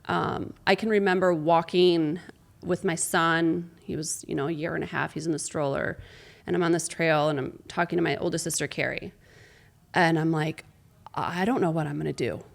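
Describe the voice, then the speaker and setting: A woman's voice: low-pitched, steady tone, moderate pace, vocal fry. A woman sports broadcaster, a guest in an interview, telling a candid, emotional story and acting out the conversations she recalls.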